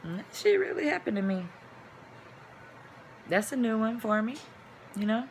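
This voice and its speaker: A woman vlogger telling a personal story to camera, chatty and animated, dropping to hushed asides and rising to loud exclamations. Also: on the high side, moderate pace, slight background noise. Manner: chatty, addresses viewers as y'all.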